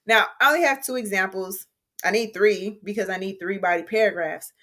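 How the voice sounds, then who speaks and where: A woman's voice: mid-range voice, fairly quick, sharp tone. A woman teacher giving a recorded writing lesson in a friendly, conversational way, explaining step by step.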